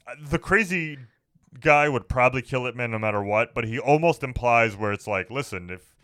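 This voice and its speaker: A young man co-hosting a casual movie review chat, animated and swearing freely. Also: mid-range voice, a little fast, clean tone, dry recording, studio quality. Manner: animated, swears, acts out quotes in funny voices. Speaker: podcast co-host.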